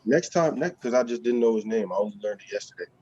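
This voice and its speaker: A man's voice: fairly low pitch, expressive, dull audio, crowd noise. A man in a casual podcast chat, talking in an offhand, slangy way. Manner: slangy, offhand, drawn-out shout-outs.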